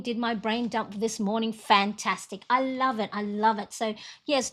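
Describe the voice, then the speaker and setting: Chatty woman hosting a live stream. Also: sits high. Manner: chatty, rambling, warm encouragement with frequent fillers. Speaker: livestream host. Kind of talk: casual live stream chat.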